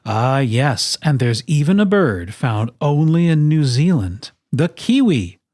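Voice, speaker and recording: A storyteller reading a children's picture book aloud, with expressive, playful emphasis on its lists. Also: mid-range voice, unhurried, dry recording.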